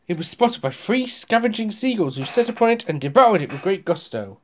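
Children's story narrator, expressive, lively pitch, chatty asides. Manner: expressive, slows for suspense, asides to listener. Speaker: reader. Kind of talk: reading a children's picture book aloud.

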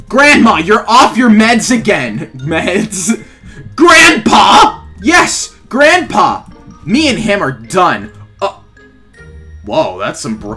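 A man's voice: a little high, fairly bright tone. A young man doing playful, sarcastic gameplay commentary as a gaming YouTuber, often laughing as he talks. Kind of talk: gameplay commentary while trolling. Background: faint background music.

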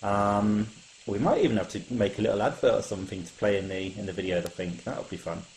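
Low-voiced male host, chatty and easygoing. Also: fast, a little mellow, slight background noise, low-quality recording. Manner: chatty, laughs easily, brief agreeing replies. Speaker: show host. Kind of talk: casual video-call chat.

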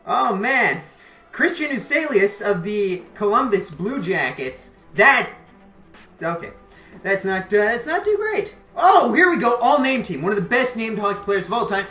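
Excitable woman opening card packs. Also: medium pitch, a little slow. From Canada. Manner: excitable, repeats exclamations. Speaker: channel host. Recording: roomy echo, faint music behind.

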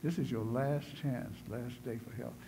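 A male preacher voicing God as a stern, commanding male figure, speaking low and quiet. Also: fairly even intonation, moderate pace, creaky, background noise, lightly acted.

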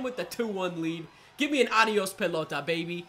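A woman giving excitable live commentary over a baseball video game, talking to the players on screen. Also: fairly low pitch, fairly quick, slight background noise. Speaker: gaming channel host.

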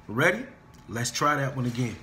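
A man teaching a singing lesson, talking his students through warm-up scales and encouraging them, often stopping to repeat himself and say "okay?" and "guys". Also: medium pitch, slight background noise. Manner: restarts and stammers while explaining.

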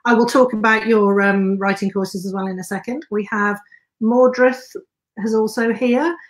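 A woman's voice: medium pitch, moderate pace. A woman hosting a live video chat, greeting viewers by name and reading out their questions. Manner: reads out viewer names and questions. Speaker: host. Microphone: video call.

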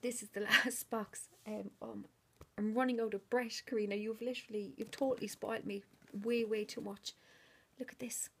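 A woman, gushing over handmade gifts in a casual unboxing vlog and often dropping into a hushed whisper. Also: mid-range voice, steady tone, moderate pace, creaky, noisy background. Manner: repeats delighted exclamations. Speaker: crafter unboxing a swap gift.

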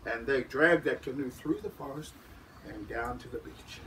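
A man telling a story to schoolchildren, dramatic, shifting from whispers to loud calls. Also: medium pitch, normal speed. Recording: distant mic with background noise.

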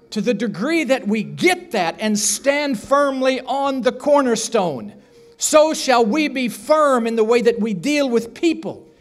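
A man preaching a sermon in a church, telling a story with acted-out voices and asking the congregation questions. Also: very high-pitched. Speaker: pastor. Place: church sanctuary.

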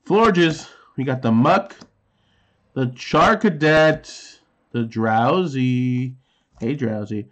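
A man in his thirties with a medium-pitched voice and drawn-out words chats casually while opening trading card packs. He reads the card names aloud and throws in sound effects.

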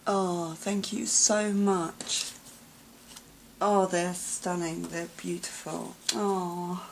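Gushing low-voiced woman, gravelly softness. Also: flat delivery, drawn-out words, a little hiss or hum, low-quality recording. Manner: gushing, gasping and sighing with delight; often drops to a soft whisper. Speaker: craft vlogger. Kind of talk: gift unboxing vlog.

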